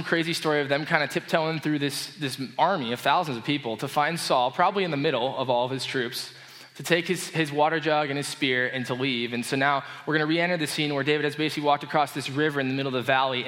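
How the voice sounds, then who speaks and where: A man preaching a casual, conversational sermon, explaining a story with relaxed enthusiasm. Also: medium pitch. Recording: long reverb of a hall.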